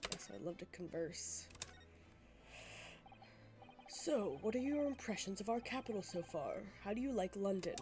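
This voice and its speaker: A woman voicing a stern, imposing older male chief justice in a video game, speaking slowly and formally. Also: medium pitch, animated, mellow, soft background music, natural voice. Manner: slow, formal and grave.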